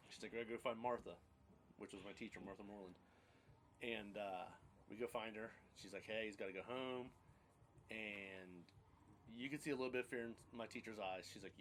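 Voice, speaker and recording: A man's voice: fairly low pitch, fairly bright tone, slight background noise. A man in his thirties casually telling his life story on a podcast, rambling and blunt, with casual swearing.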